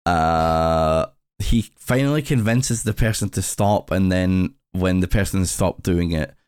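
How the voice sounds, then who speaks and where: A man co-hosting a casual podcast chat, telling jokes in a deadpan, halting way. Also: low voice, clear, resonant tone, no room sound, clean studio sound. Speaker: podcast co-host.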